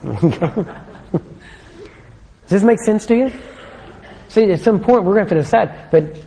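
A man preaching a sermon in a conversational way, often putting questions to his listeners and slowing down to read scripture aloud. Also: high-pitched, expressive, gravelly, dark tone. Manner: conversational, asks the congregation questions. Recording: long hall reverb.

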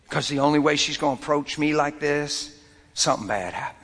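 A male preacher tells his story with a lot of energy, his voice swinging from bright outbursts down to hushed near whispers. His tone is husky and fairly high. Long reverb from a large hall trails behind every line. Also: brisk. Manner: animated, swings from loud to whispered. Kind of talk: sermon with a personal story.

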